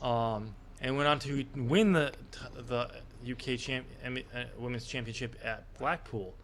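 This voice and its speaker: A man's voice: medium pitch, unhurried, slight background noise. A man co-hosting a casual wrestling predictions podcast, talking in a hesitant way with many fillers. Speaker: podcast co-host.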